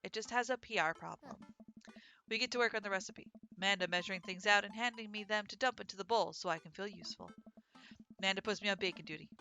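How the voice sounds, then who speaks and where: Playful woman hosting a game playthrough, bright voice, soft game music behind. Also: mid-range voice, quick pace. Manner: playful, reads all characters aloud. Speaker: let's play host. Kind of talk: reading and commenting on a dating game.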